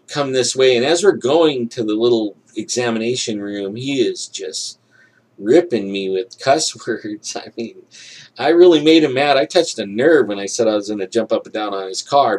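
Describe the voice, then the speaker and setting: A man's voice: mid-range voice, moderate pace. A man telling a personal story in casual speech, acting out what people said, full of "you know" and "like", chuckling now and then. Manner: animated, acts out quoted dialogue; frequent fillers like "you know" and "like". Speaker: storyteller recounting a personal experience.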